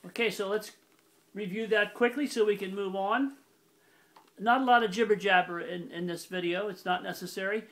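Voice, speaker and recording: An accordion teacher gives a casual lesson in a high-pitched male voice at a moderate pace, walking through each step plainly and methodically and pausing now and then to correct himself. Loud accordion playing sits under his voice.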